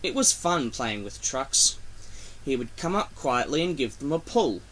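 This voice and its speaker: Brief: male storyteller, expressive, animated intonation, bedtime-story reading. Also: medium pitch, unhurried.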